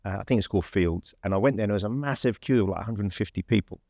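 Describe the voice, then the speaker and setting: A man's voice: lowish voice, racing, creaky, a little mellow, no echo, clean studio sound. A man with an English accent, telling a long story in a chatty, rambling way full of fillers and restarts. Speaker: podcast host. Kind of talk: casual anecdote telling.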